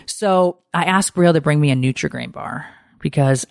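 A woman hosting a podcast, telling a personal story in a candid, animated way and swearing freely. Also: deep voice, moderate pace, creaky, dry recording, clean studio sound. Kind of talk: casual storytelling chat.

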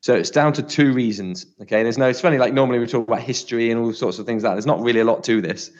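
A man's voice: medium pitch, racing, lo-fi sound. A man co-hosting a podcast, chatting casually and explaining things with plenty of filler words. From United Kingdom. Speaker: podcast co-host.

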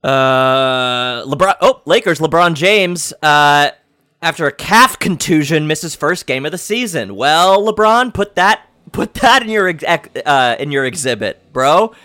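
A male podcast host runs through sports headlines for laughs, rambling and playfully clueless, stumbling through restarts and fillers. His pitch jumps around a lot as he riffs. The sound is dry and close, with no room around it. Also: lively intonation, measured pace, sharp tone, clean tone, no echo. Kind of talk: comedic sports headline rundown.

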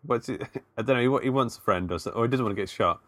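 A man's voice: medium pitch, quick pace, fairly bright tone, dry recording. A man co-hosting a podcast, recapping a film plot casually with hesitations. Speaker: podcast co-host. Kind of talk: casual film review chat.

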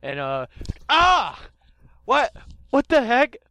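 A man's voice: very high voice, wildly swooping pitch, takes it slowly, sharp tone, pitched above the performer's own voice, full character voice. A man voicing a flustered young male professor who exclaims in disbelief while reporting in an improvised comedy sketch.

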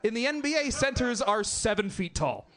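A man's voice: extremely high pitch, very animated, normal speed, a bit bright. A young man doing stand-up comedy on a club stage, chatting with the crowd and laughing between jokes.

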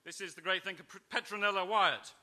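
A man, an author at a literary festival, reading comic parodies with dry, brisk, self-mocking asides and small hesitations. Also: high-pitched, bright, forceful tone. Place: festival stage before an audience.

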